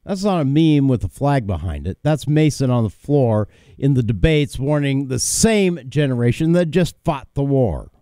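A man's voice: mid-range voice, animated, moderate pace, few pauses, dark tone, dry recording. A man hosting a talk radio show, delivering an opinionated monologue in a combative, emphatic way, with fillers and repeated words.

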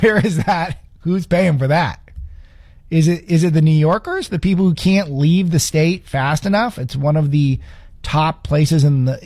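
A man's voice: fairly high pitch, vocal fry, darkish tone, dry recording, studio quality. A man hosting a political commentary show, delivering an opinionated monologue in a sarcastic, scoffing tone. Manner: sarcastic, scoffing, rapid asides.

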